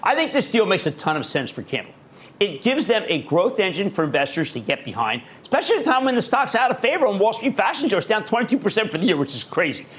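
An older man with a Philadelphia accent hosting a stock-market TV show, talking in a loud, fast, excitable way. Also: sits high, slightly rough. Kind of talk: energetic TV finance commentary.

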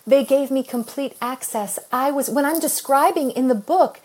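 A woman's voice: sits high, moderate pace. A middle-aged woman from the United States, an author telling a personal story in an interview with earnest feeling and frequent laughter. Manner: expressive, earnest, laughs often while telling. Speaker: author guest.

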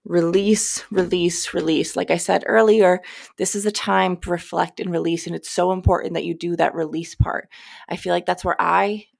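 A woman's voice: on the low side, fairly even intonation, moderate pace, creaky, dry recording, studio quality. A young woman hosting a podcast, giving casual spiritual advice in a candid, chatty way, sometimes swearing and cutting herself off. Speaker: podcast host.

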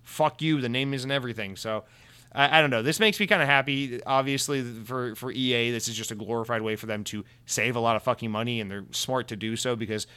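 Man, gaming news host, sarcastic rant, swears a lot, smooth clear voice. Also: mid-range voice, quick pace, pushed and bright. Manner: sarcastic and ranting, swears often. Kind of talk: casual profane news commentary.

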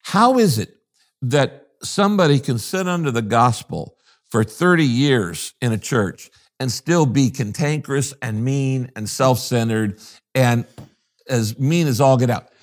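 A man's voice: mid-range voice, expressive, a little slow. An older man, a pastor from the United States, talking in an interview in an emphatic, preacherly way and repeating his key phrases. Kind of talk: interview conversation.

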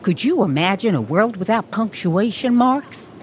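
A woman's voice: medium pitch, lively intonation, moderate pace, slight background noise. A woman co-hosting a kids' educational podcast, explaining things expressively. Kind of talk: playful kids' educational narration.

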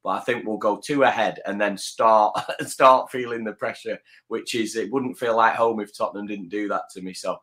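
Male panelist, lowish voice, rambling, self-mocking fan chat. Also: steady tone, normal speed, few pauses, a bit bright. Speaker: panelist on a football fan show.

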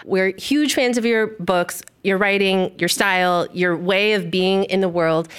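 A woman's voice: medium pitch, measured pace, a bit bright, clean tone. A woman co-hosting a live stage conversation in an enthusiastic, gushing way. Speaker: podcast co-host. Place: stage before a live audience.

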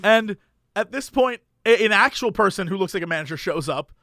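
A man's voice: sits high, fairly quick, no echo, clean studio sound. A man telling a funny anecdote in a casual chat, acting out the people in it and laughing often. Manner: animated, acts out voices in anecdotes, laughs often. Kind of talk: casual storytelling.

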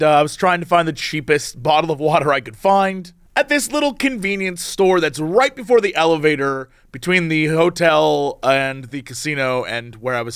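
A man co-hosting a podcast in casual chat, telling rambling, animated stories. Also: a little high, clear, resonant tone, dry recording, studio quality. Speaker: podcast co-host.

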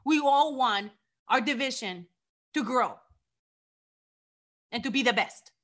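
A woman's voice: a little high, lively intonation, slow pace, a bit bright. A woman from Mexico with a Mexican accent, a wrestling champion speaking with passion in an interview, often repeating herself.

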